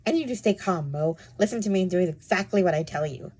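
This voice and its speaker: Brief: a woman reading a steady, no-nonsense young mother, calm and firm, lowish voice. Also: fast, husky. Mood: reassuring.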